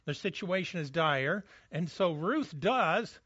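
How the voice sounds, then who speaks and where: An earnest pastor with a fairly high voice preaches, often stumbling over repeated words as he pushes his point. The sound is dry and a bit dull, with no room around it. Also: animated, slow, a bit bright, no echo. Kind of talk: sermon.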